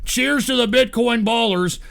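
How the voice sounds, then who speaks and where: Loud profane guy hosting a stream, bright edgy tone, very high voice. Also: measured pace, gravelly. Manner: brash, profane, boisterous. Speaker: livestream host. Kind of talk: casual livestream chat.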